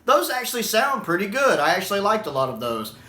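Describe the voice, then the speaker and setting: A man's voice: high voice, sing-song, quick pace, bright, forceful tone. A man giving a casual spoken review of a video, chatty and laughing often between remarks. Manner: chatty, repeats himself, self-corrects. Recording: echoey room.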